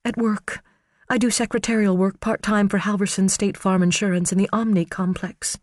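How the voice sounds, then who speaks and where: A man voicing a frightened, tearful woman witness who speaks in a trembling, hushed voice. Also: high-pitched, little pitch movement, moderate pace, dry recording, clean studio sound, voice pushed up, natural voice. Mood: breaking down.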